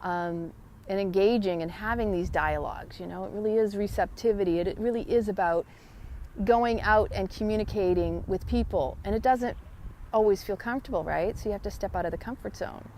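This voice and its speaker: Woman host, gentle earnest self-help monologue recorded outdoors on a trail, faint traffic behind, mid pitch. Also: fairly quick. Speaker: podcast host. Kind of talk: casual reflective monologue.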